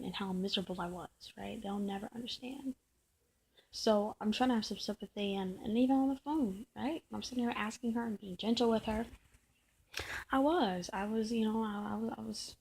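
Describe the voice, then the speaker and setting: A woman's voice: mid-range voice, a little mellow, breathy edge. A woman talking straight to camera in a personal vlog, venting and often restarting and repeating her words. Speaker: vlogger.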